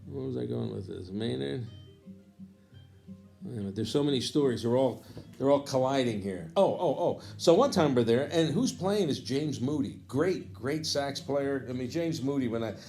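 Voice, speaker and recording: A man with a mellow, dark tone tells an easygoing story as a jazz teacher. He rambles, loses his place and circles back with fond asides. Soft music plays faintly behind him. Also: mid-range voice, lively intonation, moderate pace, gravelly. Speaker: jazz educator. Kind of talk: casual storytelling.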